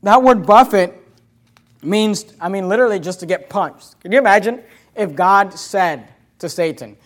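A man preaching a sermon as pastor, emphatic and repetitive, swinging between loud declarations and hushed asides. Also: sits high, normal speed. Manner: emphatic preaching with repeated phrases.

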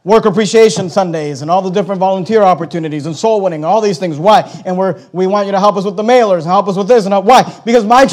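A middle-aged man preaching a sermon as pastor, stressing phrases and repeating them, dropping soft then rising loud. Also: high voice. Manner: emphatic, repeats key phrases, swings between loud and soft.

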